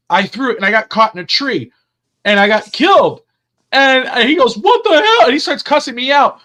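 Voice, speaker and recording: A man co-hosting a sports podcast, telling stories in a loose, animated way and swearing freely. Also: sits high. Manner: animated, profane storyteller. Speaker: podcast co-host. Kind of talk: casual sports chat.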